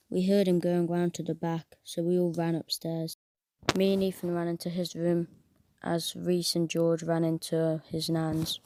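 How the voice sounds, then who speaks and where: A woman narrating a first-person horror story in an even, steady reading manner. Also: lowish voice.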